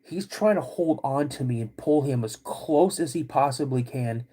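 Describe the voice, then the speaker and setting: A podcast host telling a personal story in a halting, casual way, with many restarts. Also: male voice, medium pitch, warm tone, breathy edge.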